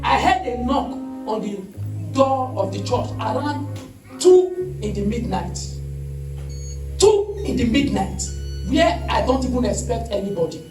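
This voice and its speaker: A man's voice: very high voice, expressive, measured pace, pauses often, echoey room, distant mic, over music, rough recording. A man preaching a testimony sermon, telling the story with emphasis and calling out hallelujahs.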